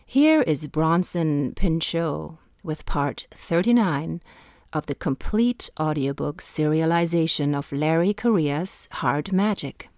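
Low-voiced woman reading a show intro. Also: takes it slowly, a little mellow, no echo, studio quality. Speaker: podcast host. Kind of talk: scripted introduction.

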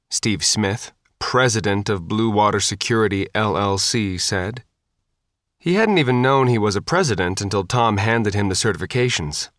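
A man reading an audiobook with steady, scripted narration. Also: lowish voice, moderate pace, dry recording, studio quality.

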